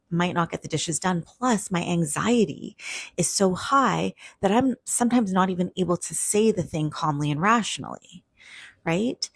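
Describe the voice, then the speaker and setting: A woman couples counselor explains things to her viewers in a relaxed, chatty way and acts out what partners say to each other. Her voice sits low and a little husky. The sound is dry and close. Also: measured pace, no room sound. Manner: casual, conversational, acts out quoted partner lines. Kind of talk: direct-to-camera explainer.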